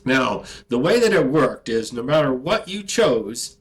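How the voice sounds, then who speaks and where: A man, an army veteran, telling a casual, profane, animated story about basic training. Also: mid-range voice, a little slow, low-quality recording.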